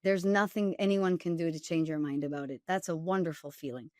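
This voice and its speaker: A woman's voice: low voice, a little fast, a little mellow, no echo, clean studio sound. A woman dating coach and author, speaking directly and emphatically as a guest, with wry humor. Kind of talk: candid storytelling interview.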